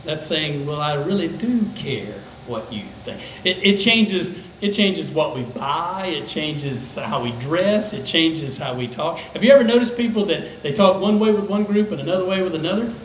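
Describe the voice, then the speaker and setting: An older man, a pastor, preaching a conversational sermon that dips into soft, low tones for emphasis. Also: lively intonation, moderate pace, few pauses, roomy sound, a little hiss or hum, poor audio. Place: church sanctuary.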